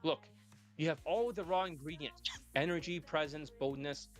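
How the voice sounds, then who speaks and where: A man's voice: fairly high pitch, moderate pace, faint music behind. A man coaching his students live, talking bluntly and swearing often as he lectures. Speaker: dating coach.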